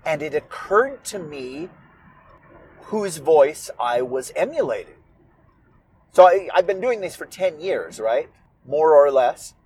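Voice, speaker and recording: A man who writes and performs audio stories, talking about his work in a casual, reflective monologue. He muses aloud and sounds animated and amused with himself. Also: a little high, takes it slowly, pauses often, a little hiss or hum. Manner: musing, animated, self-amused.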